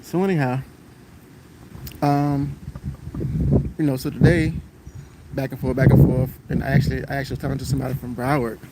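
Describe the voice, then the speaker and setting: A man's voice: medium pitch, little pitch movement, brisk, long pauses. Bus driver guy rambling on a live stream, says stuff twice, says hi to viewers, lots of road noise behind. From Florida, United States. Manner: rambling, repeats himself, greets viewers mid-story. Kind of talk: casual live-stream storytelling.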